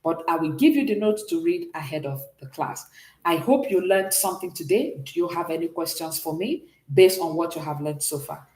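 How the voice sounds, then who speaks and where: A woman's voice: sits low, normal speed, a little mellow, echoey room. A woman teaching a beginners' French class online, explaining patiently and checking in often with the students.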